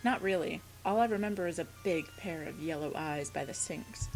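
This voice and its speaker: A woman's voice: low-pitched, moderate pace, darkish tone, soft background music, rough recording. A woman voicing a moping ghost schoolgirl, reading game dialogue aloud in a plain voice. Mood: glum.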